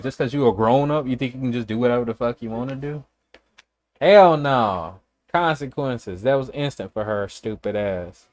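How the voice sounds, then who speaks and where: A Chicago livestreamer chats casually, telling stories in a blunt, profane way. His voice is medium-pitched and a little mellow.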